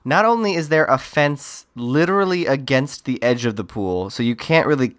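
A man's voice: mid-range voice, lively intonation, moderate pace, fairly bright tone. A man co-hosting a casual movie-review podcast, talking in a meandering, hesitant way. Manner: meandering, hesitant, full of "like" and restarts. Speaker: podcast co-host.

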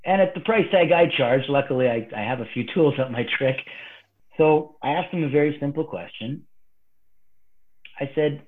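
A man, a martial arts guest, telling a story animatedly and swinging between hushed and excited delivery. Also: fairly high pitch, moderate pace. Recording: phone-like remote call line.

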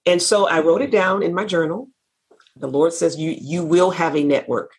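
Fervent husky woman minister. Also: on the low side, normal speed, darkish tone. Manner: fervent, preacherly, repeats phrases. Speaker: minister and network founder. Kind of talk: christian talk show conversation.

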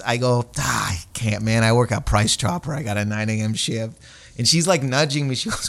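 A man's voice: medium pitch, moderate pace, creaky. Man telling a rambling comic story. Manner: rambling, animated, acts out quoted voices. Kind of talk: casual storytelling chat.

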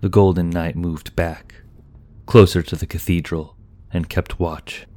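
A man narrating a fantasy audiobook in a slow, even, measured way. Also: low voice.

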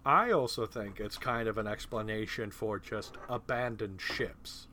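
A man hosting a casual podcast talk about movies, animated and laughing, with profane asides. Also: on the low side, measured pace, a little hiss or hum. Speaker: podcast host. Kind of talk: casual film discussion.

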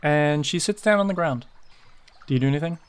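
A man narrating a tabletop game as game master, in a relaxed, hesitant way. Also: a little high, fairly quick, clean tone.

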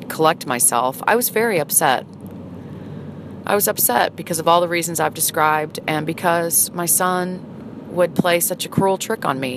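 A middle-aged woman telling a personal story in a halting, hesitant, earnest way. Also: low-pitched. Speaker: vlogger. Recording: noisy, with vehicle sounds behind.

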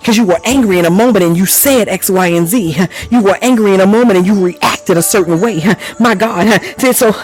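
A woman preacher delivering a fervent, folksy sermon. She repeats exclamations of praise, laughs often and sometimes drops into low murmured prayer. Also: brisk, few pauses, darkish tone, faint music behind, rough recording. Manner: folksy and conversational.

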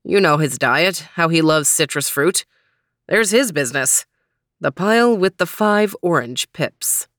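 A woman's voice: deep voice, animated, unhurried, fairly bright tone, no room sound, studio quality. Woman voicing a bossy, overweight dog.

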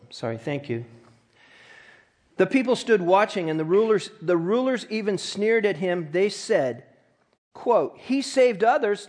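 A man preaching as pastor in a church, reading scripture aloud and dramatizing the mockers' taunts with rising intensity. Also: high-pitched. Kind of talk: sermon.

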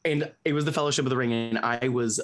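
A man's voice: medium pitch, fairly even intonation, fast. A young man as a podcast guest, rambling casually with lots of fillers and self-deprecating jokes. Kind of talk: casual chat.

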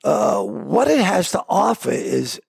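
A man with a Boston accent, a comedian guest telling stories in a casual interview, animated and prone to stammered restarts. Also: high-pitched, slow, gravelly, over a noisy crowd. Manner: animated storyteller who stammers on restarts and acts out quotes.

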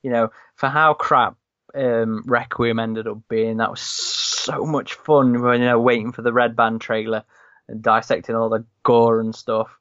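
A man's voice: medium pitch, level tone, measured pace, a bit bright, clean tone, dry recording. A man in casual podcast chat, telling long rambling anecdotes full of restarts. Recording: slightly dull, dry recording.

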